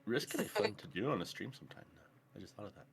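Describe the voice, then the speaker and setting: A man's voice: on the low side, huge pitch swings, racing, vocal fry. A playful, teasing man chatting casually as a player in a tabletop game.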